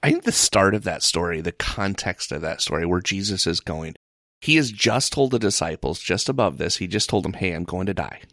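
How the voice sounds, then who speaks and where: A man leading a casual Bible discussion, earnest and halting with frequent restarts. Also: low voice, a bit bright, dry recording, studio quality. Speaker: Bible study leader.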